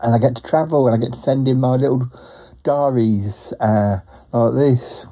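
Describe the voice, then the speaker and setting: A man's voice: medium pitch, moderate pace, warm tone, lightly acted. A man voicing a chatty, lonely male talking duck who rambles and drops quacks into his speech. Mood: rambling. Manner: rambling, drops in quacks, laughs at own jokes. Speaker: show regular. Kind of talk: comic character monologue.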